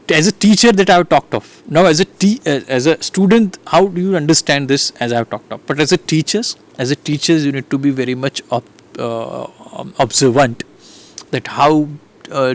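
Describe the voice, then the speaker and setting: A man with an Indian English accent giving an online lecture to teachers, pausing often with fillers and restarting his sentences. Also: medium pitch. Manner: hesitant, many fillers and restarts. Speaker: teacher educator.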